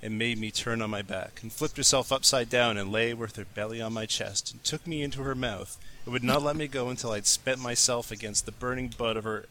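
A man reading a passage of fiction aloud for comic effect, steady and plain. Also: medium pitch, fairly quick, hardly any pauses, rough recording. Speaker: reader.

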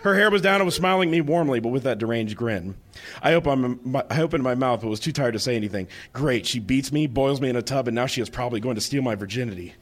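A man reading a book aloud for laughs on a live bar stage, animated and breaking into laughter. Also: mid-range voice, quick pace, slight background noise. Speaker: live reader. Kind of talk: comic reading to a bar crowd.

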